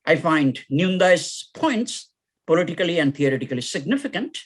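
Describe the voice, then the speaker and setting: A man giving a plenary academic lecture, reading a poem aloud dramatically with shouted refrains. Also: on the high side, big pitch swings, normal speed. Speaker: plenary speaker.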